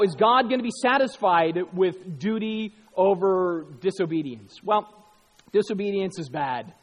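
A man's voice: a little high, breathy edge, big-room sound. A middle-aged man preaching a sermon as pastor, telling a story animatedly and acting out the quoted lines himself.

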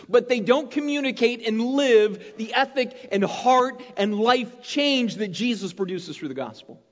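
A man preaching a sermon as pastor, talking in an animated, conversational way and checking in with his listeners often. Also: sits high. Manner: conversational, animated preaching with frequent "right?" tags. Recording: muffled, long hall reverb.

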